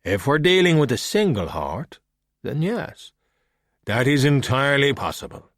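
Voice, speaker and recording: A man voicing a calm, witty skeleton detective in an audiobook, speaking in a measured, wry and unhurried way. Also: medium pitch, no echo, voice pushed up. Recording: dry close audiobook recording.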